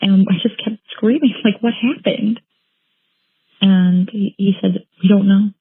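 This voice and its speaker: A woman telling her own painful story as an interviewee, halting and repeating phrases as she recounts what happened. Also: mid-range voice, steady tone, breathy edge, no echo. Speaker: interviewee, bereaved mother. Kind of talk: emotional personal account. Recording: tinny phone-like line, dry.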